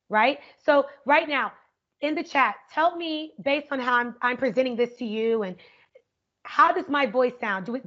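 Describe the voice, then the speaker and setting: An energetic woman teaches an online workshop in an upbeat, conversational way. She keeps checking in with her listeners and her voice sits fairly high. The video call audio is dull and lo-fi. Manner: energetic and upbeat, often asks "right?". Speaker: educator leading an online workshop. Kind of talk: interactive online workshop talk.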